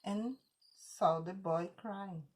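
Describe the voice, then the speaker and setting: A woman teacher with a Brazilian Portuguese accent telling a children's story in English, slow and emphatic. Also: medium pitch, noisy background. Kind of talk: storytelling for learners.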